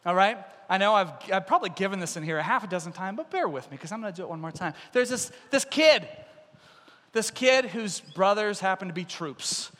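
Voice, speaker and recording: A male pastor preaching a sermon, telling a story and acting out its characters, in a hall with long reverb. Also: high-pitched. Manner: animated storyteller, acts out characters.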